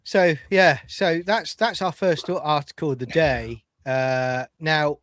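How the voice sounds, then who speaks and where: A man's voice: fairly high pitch, takes it slowly, a bit bright, no echo, studio quality. A man co-hosting a casual pub chat, bantering in a jokey, exasperated way. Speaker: co-host.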